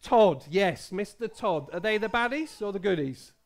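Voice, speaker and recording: A man's voice: high voice, expressive, normal speed. A man in his thirties, a pastor leading a playful quiz with children in a church service. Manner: playful, quizzing the children, many restarts and laughs. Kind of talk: family service talk with children. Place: church hall.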